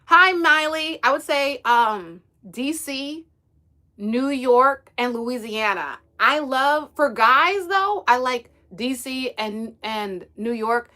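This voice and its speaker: Bright-voiced chatty woman livestreaming. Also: high voice, expressive, slow. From United States, East Coast. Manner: chatty, giggly, responds to viewer comments. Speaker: livestream host. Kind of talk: casual livestream chat reading comments.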